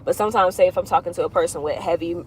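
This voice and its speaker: Very fast and lowish, this woman's voice comes through with background noise. As an astrologer doing readings on a livestream, she answers viewers casually, rambling loosely and circling back.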